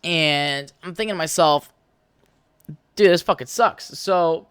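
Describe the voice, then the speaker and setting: A man's voice: fairly high pitch, measured pace, a bit bright, clean tone, no room sound, clean studio sound. Rambling, foul-mouthed young man. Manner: crude, rambling, swears freely. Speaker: podcast host. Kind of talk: casual solo podcast rambling.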